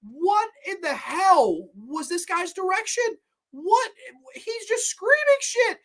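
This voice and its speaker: A man's voice: extremely high pitch, expressive, slow, fairly bright tone. A man hosting a horror movie review show, ranting in a profane, heated and sarcastic way. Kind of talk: solo movie review rant.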